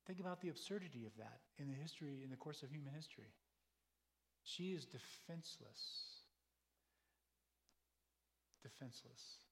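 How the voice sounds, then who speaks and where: A man's voice: medium pitch, animated, moderate pace, creaky, long pauses. A man preaching a sermon, telling stories in a conversational, emphatic way full of rhetorical questions. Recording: long hall reverb.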